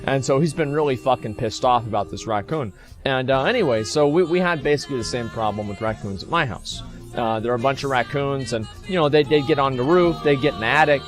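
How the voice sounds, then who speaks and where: A man's voice: mid-range voice, fast, faint music behind. A man telling a long story casually to his stream audience, rambling and swearing freely. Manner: rambling, profane, restarts and fillers.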